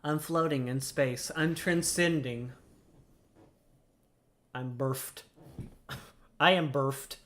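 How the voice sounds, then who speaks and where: A man's voice: mid-range voice, drawn-out words, pauses often, a bit bright. A man casually commenting while playing a video game, jokey and playful, laughing often. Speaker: let's-play host.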